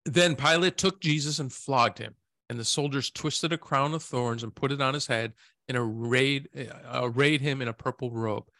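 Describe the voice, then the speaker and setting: Bright, dry-voiced man reading scripture. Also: mid-range voice, moderate pace, dry recording. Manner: reads scripture aloud, laughs easily. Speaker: podcast co-host. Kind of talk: Bible reading and casual discussion.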